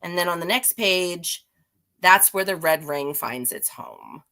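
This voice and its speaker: A woman's voice: on the low side, expressive, a little slow, bright, forceful tone. A woman giving a casual, rambling comic-book recap, chatty and self-deprecating with frequent restarts. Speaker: guest reviewer.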